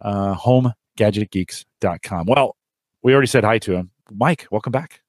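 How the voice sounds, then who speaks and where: A man hosts a tech podcast in loose, friendly chat, drifting through asides and filler words. His voice sits fairly low and is recorded dry and close, with no room sound. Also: normal speed, no room sound. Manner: rambling, friendly, many fillers. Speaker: podcast host. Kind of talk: casual chat.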